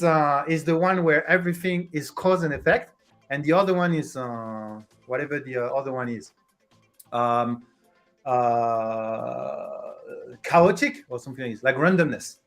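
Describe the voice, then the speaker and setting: A host chatting casually with viewers on a livestream, halting and restarting while hunting for the right English word. The voice sits at a middling pitch, with soft music faintly underneath. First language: French. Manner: hesitant, searches for English words, restarts a lot.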